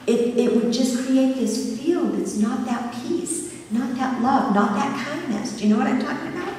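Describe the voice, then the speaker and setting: A woman's voice: high voice, moderate pace, few pauses, darkish tone. Older woman preaching in an echoey hall. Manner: earnest, asks the congregation for agreement. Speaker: minister. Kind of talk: sermon. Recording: echoey hall from far off, faint hiss.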